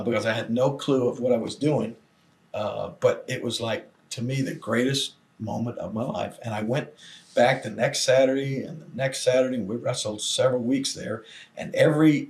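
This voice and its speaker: An older man, guest in a long interview, telling old stories with lively acted-out quotes. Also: mid-range voice. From Southern United States. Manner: animated storyteller acting out quoted voices. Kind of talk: storytelling shoot interview.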